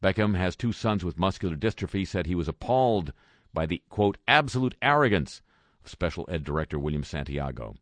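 Man, very low voice, wry news commentary, sarcastic asides, dry close mic. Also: a little fast, darkish tone, dry recording. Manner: dry, sarcastic asides between read quotes. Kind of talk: wry spoken news roundup.

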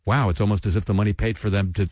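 A man's voice: lowish voice, fairly even intonation, rapid-fire, a little mellow, dry recording. A man hosting a satirical news commentary, reading items and adding sardonic asides and mock voices. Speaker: radio commentary host.

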